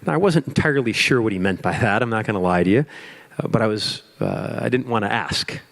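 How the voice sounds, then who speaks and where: A man's voice: lowish voice, expressive, a little fast, gravelly, a bit bright. A man giving a motivational keynote to an audience, with emphatic repetition and storytelling. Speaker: keynote speaker. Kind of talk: motivational speech.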